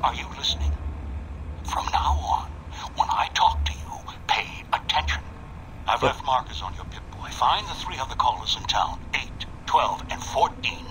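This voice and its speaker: An actor voicing a cold, commanding older man who gives hushed, stern orders in a game. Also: medium pitch, expressive, normal speed, noisy background, close to an everyday voice.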